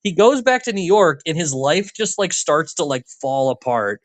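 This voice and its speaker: A man's voice: on the high side, very animated, moderate pace, dry recording. A man co-hosting a podcast, chatting casually about a movie with lots of filler words. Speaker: podcast co-host.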